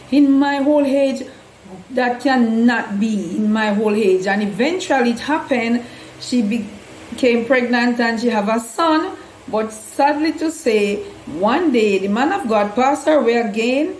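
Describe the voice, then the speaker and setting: A woman earnestly retelling Bible stories in loose, non-standard grammar, with an echo around her voice. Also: a little high. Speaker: host, Bible storyteller. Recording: echoey room with faint hum.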